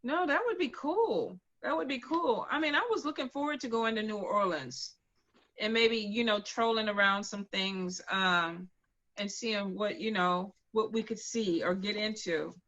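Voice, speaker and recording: A woman's voice: mid-range voice, measured pace, highs cut off. A woman co-hosting a casual chat, telling stories animatedly and acting out what others said. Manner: animated storyteller, acts out quotes. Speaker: co-host.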